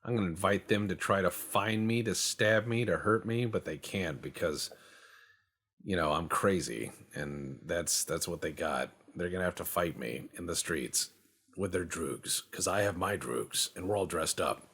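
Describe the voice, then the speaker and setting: A man with a deep, husky voice riffs casually over his gameplay. He rambles from thought to thought, tossing in profane jokes and goofy boasts in a loose, unscripted way. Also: moderate pace, a bit bright. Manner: rambling, joking, profane banter. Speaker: game streamer.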